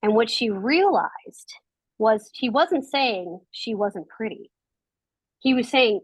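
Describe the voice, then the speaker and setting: A woman's voice: a little high, expressive, moderate pace, breathy edge, no room sound, poor audio. A woman guest on a podcast, a documentary filmmaker, telling reflective anecdotes in casual conversation. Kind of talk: casual interview chat.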